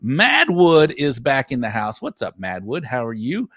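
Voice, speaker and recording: A man hosting a live online show, energetic and reading out viewer shout-outs. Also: mid-range voice, a little slow, slightly rough, dry recording, clean studio sound. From Texas. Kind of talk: live-stream chat.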